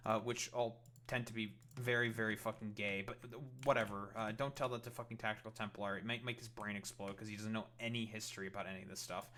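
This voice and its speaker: A man's voice: medium pitch, fairly even intonation, brisk, bright, forceful tone, slight background noise. A man ranting in a reaction commentary, profane and rambling with many fillers.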